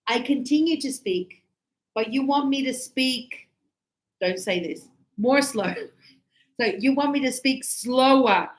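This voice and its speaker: A woman English teacher giving a classroom grammar lesson, talking slowly and deliberately and stretching out key words. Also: high voice, animated. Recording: echoey classroom.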